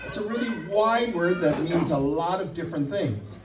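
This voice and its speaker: Animated and speaking at normal speed in a high-sitting voice, a Wisconsin-accented man leads a church workshop. He jokes with attendees and keeps checking in with "okay?", captured by a distant mic in an echoing room.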